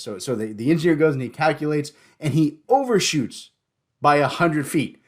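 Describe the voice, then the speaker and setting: Guy hosting a podcast, jokey and lively, keeps tripping over his words. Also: a little high, brisk. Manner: joking, animated, stumbles and repeats words. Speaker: podcast host. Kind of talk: casual podcast chat.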